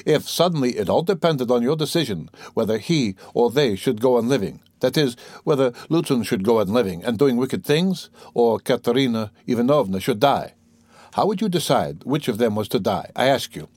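A tense, brooding young man, as read by a male narrator, probing and peevish in his speech. His voice sits at a middle pitch. The sound is dry and close. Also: expressive, moderate pace, darkish tone, no echo, natural voice.

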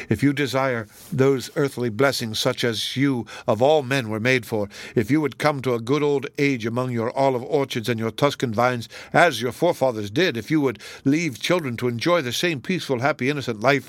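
A brooding, troubled young woman speaks low with tension in her voice, as a male reader plays her. The sound is dry and close. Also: moderate pace, no echo, natural voice. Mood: intense. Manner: low, intense delivery.

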